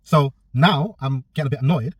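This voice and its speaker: A man's voice: mid-range voice, a little fast, no room sound, recorded from a distance. A man, a personal trainer telling a story in a casual vlog, blunt and swearing freely. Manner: blunt, swears a lot, acts out both sides of a quarrel.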